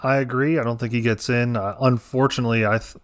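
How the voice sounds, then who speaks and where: A man's voice: mid-range voice, fairly even intonation, quick pace. A man co-hosting a casual sports podcast, blunt and joking. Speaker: podcast co-host.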